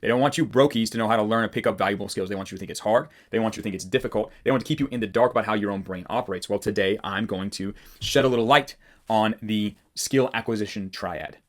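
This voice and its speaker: A man's voice: lowish voice, fast. A man talking to camera as a copywriting coach, in a casual, blunt, rambling motivational style with loose fillers.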